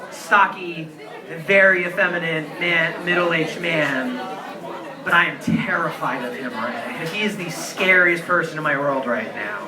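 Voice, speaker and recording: Young man, high voice, rambling earnest storyteller, live in a noisy bar. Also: far from the mic. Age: 20s. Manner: earnest, rambling, full of "like" fillers. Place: crowded bar. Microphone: distant handheld camera. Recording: roomy bar recording from afar, crowd chatter.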